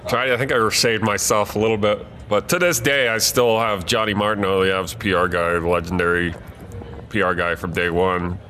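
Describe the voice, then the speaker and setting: A man's voice: lowish voice, steady tone, normal speed, sharp tone, a little hiss or hum. A man, a sports reporter, telling loose anecdotes in casual chat.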